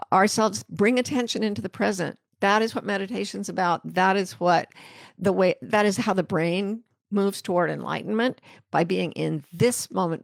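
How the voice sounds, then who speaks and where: A middle-aged American woman hosting a live talk, reading viewer questions and a poem in a gentle, reflective way. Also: mid-range voice, gravelly, dry recording, clean studio sound. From United States. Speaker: host answering viewer comments.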